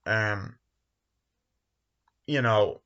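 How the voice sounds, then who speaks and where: Drawing out his words in a lowish, pushed, bright voice, a twenty-something man reviews a movie casually from his bedroom. He rambles and swears, raising his voice to act out scenes, all captured on a dull lo-fi home recording.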